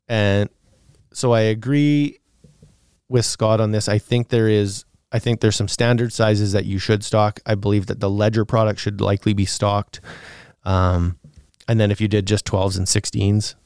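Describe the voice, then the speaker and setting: A man's voice: fairly low pitch, fairly even intonation, normal speed, darkish tone, smooth, no room sound, clean studio sound. A man co-hosting a podcast, answering listener questions in a casual, rambling way with fillers and laughs.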